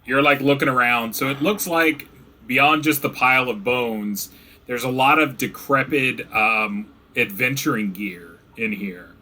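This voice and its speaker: A man's voice: medium pitch, measured pace, sharp tone, slight background noise. A young man narrating as game master in casual, rambling talk full of fillers. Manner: rambling, filler-heavy descriptions. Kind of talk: running a tabletop game, casual.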